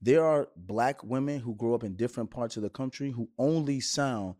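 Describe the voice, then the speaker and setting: A man's voice: medium pitch, darkish tone. A man co-hosting a podcast, talking casually and pressing his point with questions. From Brooklyn, New York. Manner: challenging, quick to push back with questions. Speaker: podcast co-host. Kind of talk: casual conversation.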